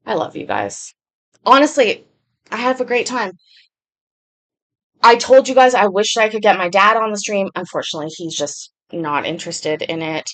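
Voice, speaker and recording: A woman talks casually to her livestream audience. She rambles from thought to thought and reads viewers' comments aloud as she answers them. Her voice sits in a middle pitch range. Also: moderate pace, a bit bright. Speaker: livestream host.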